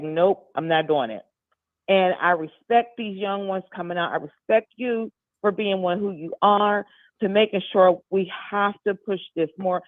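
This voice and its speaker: A woman's voice: on the low side, dry recording. A woman in her fifties calling in to a talk show, speaking earnestly and repeating her points for emphasis. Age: 50s. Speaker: caller. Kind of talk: call-in talk. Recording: tinny phone line.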